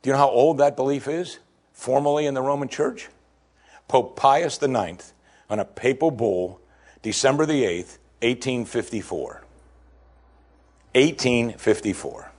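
A man preaching a sermon, emphatic and animated, acting out quoted lines from the scripture. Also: mid-range voice, moderate pace. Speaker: pastor.

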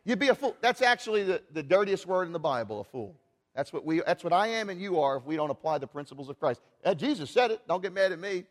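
A man preaching a sermon in church, animated and asking the congregation rhetorical questions. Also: sits high, fast talker, in a large hall. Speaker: pastor.

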